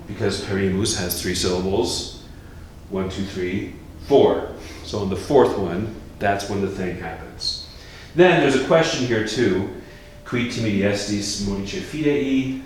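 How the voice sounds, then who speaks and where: A priest teaching how to chant a gospel, explaining casually and breaking into sung chant. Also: male voice, far from the mic. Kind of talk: informal chant lesson. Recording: very echoey room, faint rumble.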